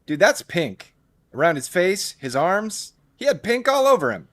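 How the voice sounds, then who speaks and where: A man co-hosting a casual hangout stream, animated and swearing as he laughs along. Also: high-pitched, unhurried, no echo. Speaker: podcast co-host. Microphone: desk mic on a live stream.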